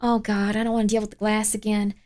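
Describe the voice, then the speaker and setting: A woman's voice: mid-range voice, little pitch movement, fast, darkish tone, voice pushed down, natural voice. A woman voicing a doting, fussy middle-aged soccer mom who coos sweetly over her kids. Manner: sweet, over-caring fussing.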